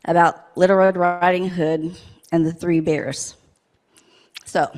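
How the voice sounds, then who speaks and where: A woman in a church service telling a playful story to children, asking them questions as she goes. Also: fairly low pitch. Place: church sanctuary.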